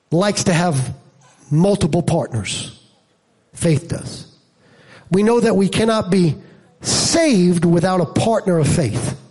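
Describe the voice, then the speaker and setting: With a voice that's slightly rough, this pastor preaches emphatically to his congregation. Low, storytelling moments give way to loud peaks, and he keeps things lively with humor and rhetorical questions.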